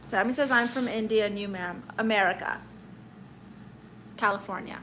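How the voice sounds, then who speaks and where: A woman's voice: medium pitch, moderate pace, pushed and bright, slight background noise, rough recording. A woman comedian hosting a casual livestream, reading viewer comments aloud and answering them with sassy, teasing banter. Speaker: livestream host reading chat; stand-up comedian.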